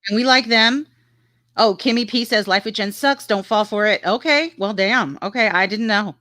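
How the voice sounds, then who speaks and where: A woman's voice: medium pitch, normal speed, bright, forceful tone, dry recording, studio quality. A woman casually chatting on a livestream, frank and talkative, reading viewer comments aloud. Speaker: livestream co-host reading chat.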